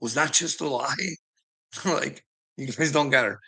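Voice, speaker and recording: A man's voice: medium pitch, a little slow, vocal fry, pushed and bright, breathy edge, rough recording. A man ranting in a rambling monologue to his viewers, chuckling often, swearing freely and needling people by name. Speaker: streamer talking to chat.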